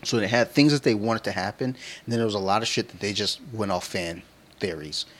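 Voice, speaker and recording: Man, podcast co-host, low-pitched, crude slangy rambling, casual chat. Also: fairly quick, a bit bright.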